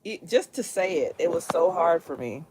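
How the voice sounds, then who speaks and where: A woman's voice: on the low side, lively intonation, normal speed, background noise. A woman chatting casually on a livestream from her room, laughing often and telling stories animatedly. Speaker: livestream host. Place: bedroom near closet, indoors.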